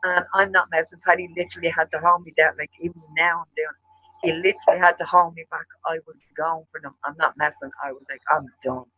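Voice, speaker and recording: A man hosting a chat show, telling a rambling, profane story in an animated way. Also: a little high, quick pace, no room sound, muffled recording. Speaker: show host.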